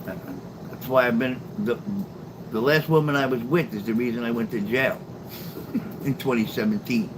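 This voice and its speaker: A middle-aged live streamer, medium-pitched, keeps a moderate pace broken by long pauses as he chats casually late at night. He addresses viewers by name and talks back to chat, swearing and sarcastic in a rambling way, with steady noise in the background.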